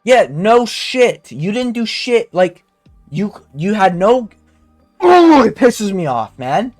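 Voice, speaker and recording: A man's voice: sits high, big pitch swings, slow pace, a little mellow, faint music behind. A young man ranting with frustration and heavy swearing as he breaks down a fight card in casual chat. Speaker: MMA commentator.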